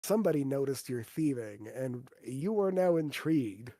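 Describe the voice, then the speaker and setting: A man's voice: medium pitch, expressive, normal speed, warm tone, no echo, clean studio sound. A man running a tabletop game as game master, narrating and teasing his players with laughs.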